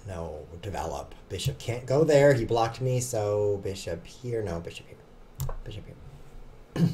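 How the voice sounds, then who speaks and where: A young man talks through his online chess games in a lively, sing-song voice that leaps up and drops low. His tone is warm and mellow, and he keeps up a chatty, self-mocking patter with his viewers. A faint hum sits under the voice. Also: unhurried. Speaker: chess streamer. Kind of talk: casual live commentary while playing.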